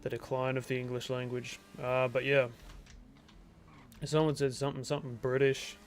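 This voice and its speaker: A man's voice: mid-range voice, completely flat delivery, moderate pace, slight background noise. A young Australian man with an Australian accent, rambling casually as he comments on his own gameplay on a stream. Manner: rambling, chatty, laid-back, self-talk while playing.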